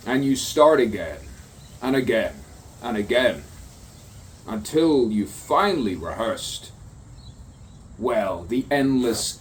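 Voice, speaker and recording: A man reciting his own spoken word poem in a musing, repetitive way, with sudden emphatic bursts. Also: medium pitch. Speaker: poet. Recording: distant mic with faint background noise.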